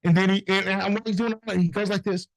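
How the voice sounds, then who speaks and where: Middle-aged man, higher pitch, dry mic; animated, profane storyteller who does the voices. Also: quick pace, gravelly, no room sound, low-quality recording. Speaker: notary business owner, guest. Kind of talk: casual storytelling interview.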